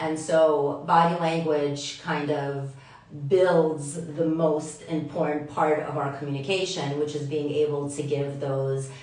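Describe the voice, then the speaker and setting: Woman podcast co-host, low voice, teacherly, distant mic, roomy echo. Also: little pitch movement, darkish tone. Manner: explanatory, measured, teacherly. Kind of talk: casual podcast chat about communication. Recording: echoey room, distant mic.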